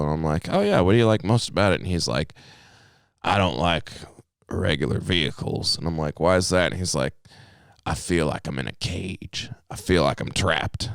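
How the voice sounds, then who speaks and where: Young male podcast co-host, laid-back storyteller, very low smooth voice. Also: expressive, moderate pace, no room sound, clean studio sound. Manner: laid-back storyteller who swears freely. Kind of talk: casual chat.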